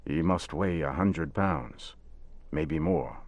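A man voicing a quiet, lonely old fisherman in a radio story, calm and plain-spoken. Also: rumbling low, slow pace, heavily acted. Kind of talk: scripted radio story reading.

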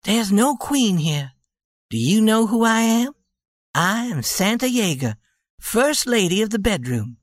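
A man voicing a tearful, proud young ranch woman in a high, tender voice. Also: sing-song, measured pace, hardly any pauses, no echo, clean studio sound.

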